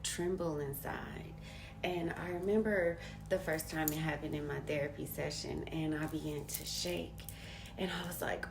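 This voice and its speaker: Slow-talking woman in an echoey room. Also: fairly low pitch, creaky, darkish tone. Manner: candid and slangy, drops to near whispers and rises to laughing emphasis. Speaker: vlogger sharing a personal story. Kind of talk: casual personal storytelling. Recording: roomy with faint background hiss.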